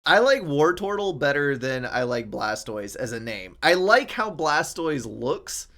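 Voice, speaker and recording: A man's voice: a little high, very animated, a little slow, a bit bright. A man co-hosting a gaming podcast in casual chat, telling things with chuckles and animation.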